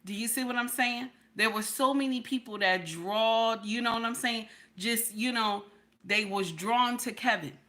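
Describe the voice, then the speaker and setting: Middle-aged female streamer, emphatic and repetitive, bright voice. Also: a little high, moderate pace. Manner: emphatic, repeats lines, talks to chat. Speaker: livestream reaction host. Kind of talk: casual livestream commentary.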